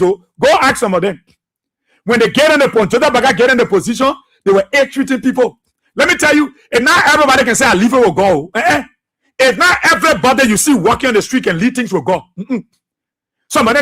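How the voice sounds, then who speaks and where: High-voiced husky Liberian radio host, bright and fiery, preacher-like repeats. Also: male voice. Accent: Liberian English. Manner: fiery, repetitive, preacher-like delivery. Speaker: radio talk show host. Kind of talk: impassioned political commentary.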